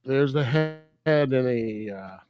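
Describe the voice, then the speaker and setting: A man's voice: mid-range voice, lively intonation, takes it slowly, a little mellow, dry recording, faint music behind. A man co-hosting a podcast, chatting casually about a film, laughing often and rambling through loose sentences with fillers. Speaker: podcast co-host. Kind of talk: casual film review chat.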